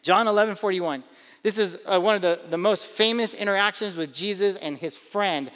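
A pastor preaching to his congregation with a bright, high-set male voice. He talks in a loose, conversational way, pushing key points hard and doubling words as he goes. His voice rings out with the long reverb of a big hall. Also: moderate pace. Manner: conversational, emphatic preaching with repetitions. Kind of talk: sermon.

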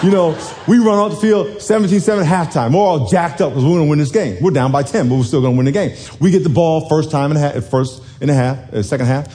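A man in his forties, a little hoarse, telling a lively football story to a congregation, dropping low then shouting high. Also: fast talker, few pauses. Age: 40s. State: hoarse from yelling. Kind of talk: animated storytelling sermon.

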